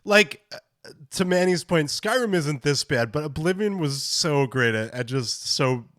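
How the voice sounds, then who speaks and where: A man's voice: a little high, animated, unhurried, a bit bright, no echo, studio quality. A man hosting a casual gaming podcast, talking enthusiastically and rambling as he reacts to clips. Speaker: podcast host.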